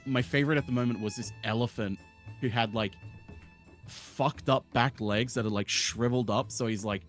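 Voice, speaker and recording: A man's voice: medium pitch, steady tone, moderate pace, faint music behind. A man rambling enthusiastically in casual chat, full of fillers.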